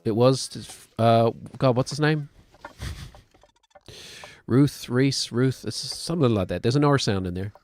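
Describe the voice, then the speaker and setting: A man in his thirties with a New Zealand accent chats loosely while streaming a game. He thinks aloud and pokes fun at himself as he wanders from thought to thought. His voice sits at an ordinary middle pitch. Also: unhurried, pauses often, a little mellow. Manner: rambling and self-deprecating, thinking aloud. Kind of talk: casual gaming commentary.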